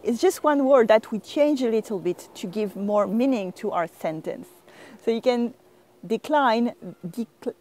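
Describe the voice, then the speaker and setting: A woman's voice: fairly high pitch, darkish tone. A woman with a French accent, a native French speaker, teaching an online language lesson and demonstrating phrases with playful intonation.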